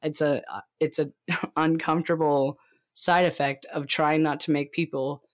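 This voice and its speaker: A co-host talking through nerves in casual podcast chat, often breaking off and laughing to cover the discomfort. The voice has an ordinary, middle pitch. The sound comes over a remote call. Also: flat delivery, normal speed. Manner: rambling, self-interrupting and laughing nervously. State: anxious and sweaty.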